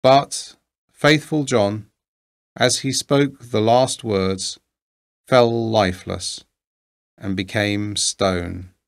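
A man reading an old fairy tale aloud in a measured, deliberate storytelling manner. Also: fairly low pitch. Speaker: narrator.

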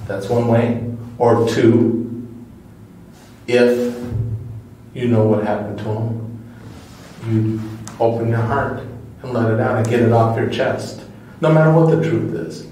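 A man's voice: mid-range voice, fairly even intonation, slow, long pauses, warm tone, slight background noise. A man questioning a suspect as a detective, firm and persuasive, often checking in with "okay?". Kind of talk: police interrogation. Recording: echoey room from far off.

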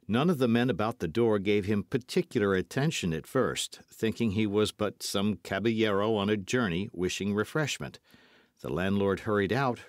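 Casting: male audiobook narrator, low voice, lively delivery, dry close sound. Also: dry recording. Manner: lively, dramatic storytelling. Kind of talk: scripted narration.

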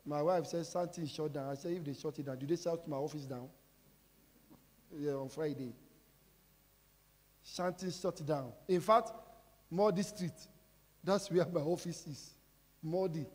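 High-voiced preaching pastor in a hall. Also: male voice, normal speed, long pauses. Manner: preaching with call-and-response questions and sudden shouts. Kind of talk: sermon. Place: large church hall. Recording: reverberant hall with music behind.

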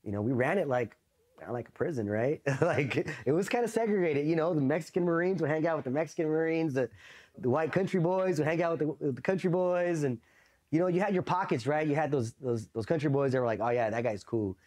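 A man's voice: a little high, expressive, brisk, a little mellow. A man from East Los Angeles, a Marine veteran, telling stories in a casual, profane interview, loose and full of "you know" and "right?".

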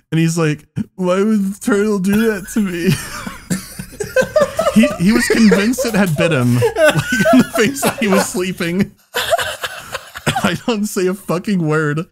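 A man on a podcast telling a story in casual chat, laughing often and swearing as he goes. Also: on the high side. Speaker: podcast co-host.

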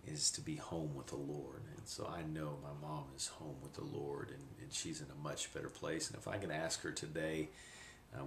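Man, middle-aged, deep voice, reflective, halting, personal testimony, camcorder in an echoey room. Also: steady tone, vocal fry, a little hiss or hum. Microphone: handheld camcorder.

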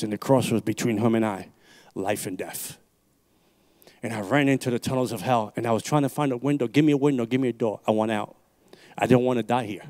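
An impassioned male evangelist from New York City gives his testimony at a church service, speaking into a handheld mic. He hammers home his points by repeating phrases and swings between loud urgent peaks and low, hushed stretches, at a middling pitch. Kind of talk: preaching a personal testimony. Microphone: handheld microphone.

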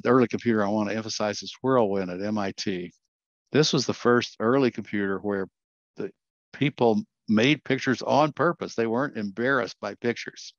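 An older man talks through his slides as a guest speaker, earnest and quick to correct himself mid-sentence. His voice sits low, and the video call sound is dull and lo-fi. The room around him is dry, with no echo. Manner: earnest, self-correcting storyteller. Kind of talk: slide presentation talk.

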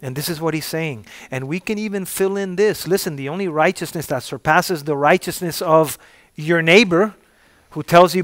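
Emphatic preacher man, slightly high voice. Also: moderate pace, dry recording. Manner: call-and-response, repeating "say amen if you're with me"; emphatic, bursts of loud emphasis. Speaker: pastor. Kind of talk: sermon.

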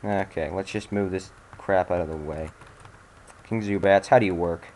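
A man with a slightly low voice talks through a video game in loose, off-the-cuff commentary. He mutters to himself between moves and regularly erupts into exasperated swearing. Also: steady tone, normal speed, a little mellow, a little hiss or hum. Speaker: video game let's-play host. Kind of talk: casual gameplay commentary.

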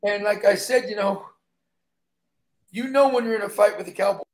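A man's voice: high voice, normal speed. A man who is a stuntman, guesting on an interview and telling emphatic stories in which he acts out the dialogue.

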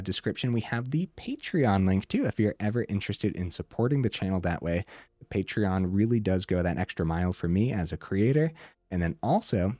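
A man hosting a card game channel, talking through a deck in a rambling, laid-back way with lots of fillers, his voice slightly hoarse from a long day of recording. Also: fairly low pitch, dark tone, no room sound, studio quality. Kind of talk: casual deck breakdown commentary.

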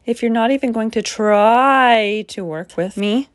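A woman's voice: a little high, unhurried, no echo, clean studio sound, close to an everyday voice. A woman voicing a big, goofy male monster who slurps and slobbers and turns whiny. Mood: slobbering.

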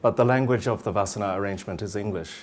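A middle-aged man with a New Zealand accent giving a formal lecture to students, measured and steady with frequent um fillers. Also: fairly low pitch, a little hiss or hum. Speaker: guest lecturer.

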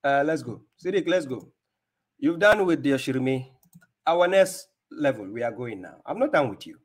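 A man's voice: mid-range voice, expressive, normal speed. A man from Ghana hosting a mocking rebuttal, taunting and laughing at the speaker in the clip he plays. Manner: scornful, taunting, laughs at his opponent. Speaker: host reacting to a clip.

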